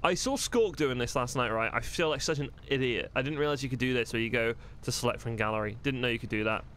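A man's voice: medium pitch, fast talker, fairly bright tone, slight background noise. Chatty man streaming a game. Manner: chatty, self-deprecating, thinking aloud. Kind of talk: casual commentary while playing.

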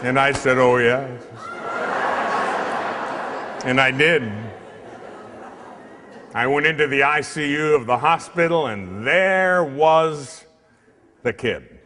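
A man's voice: mid-range voice, slow pace, long pauses, noisy background. A priest giving a comic, storytelling sermon in church, acting out the people in his tale. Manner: animated, comic storyteller who acts out the other people in the tale. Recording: long hall reverb.

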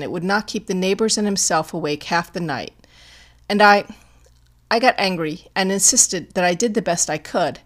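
A woman's voice: mid-range voice, natural voice. A woman voicing a grieving, widowed young mother who is proud and desperate, speaking with emotional pleading in an audiobook.

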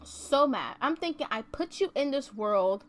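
Brief: woman gaming YouTuber, high voice, giggly, slow chatty commentary. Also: lively intonation. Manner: chatty, giggly, exclaims often. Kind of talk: casual let's-play commentary. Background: faint game music.

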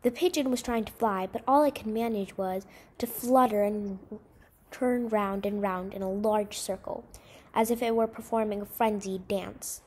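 A woman narrating a short story aloud in a measured, expressive storytelling manner. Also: medium pitch, breathy edge. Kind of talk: scripted story reading.

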